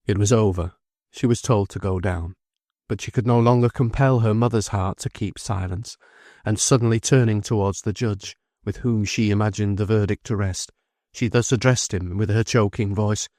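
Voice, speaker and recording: A man with a lowish voice narrates an audiobook, his reading measured and expressive. The studio sound is clean, with no echo.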